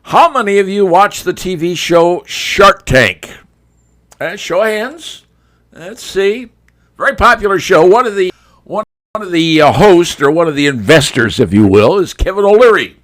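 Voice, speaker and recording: A man's voice: high voice, lively intonation, moderate pace, a bit bright. A male talk show host giving a folksy, conversational opinion monologue, speaking straight to his viewers.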